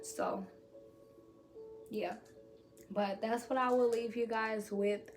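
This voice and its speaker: A woman's voice: a little high, steady tone, slow, darkish tone, faint music behind. A woman vlogger speaking candidly to camera, reassuring listeners with blunt, profane encouragement. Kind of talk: motivational talk to camera.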